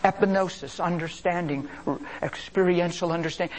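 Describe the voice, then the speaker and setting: A man preaching a sermon with passion, dropping to hushed whispers and rising to loud cries, calling out to his congregation. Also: sits high, normal speed, a little hiss or hum. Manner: impassioned, swings between hushed whispers and loud exclamations; repeats phrases and calls out to the congregation.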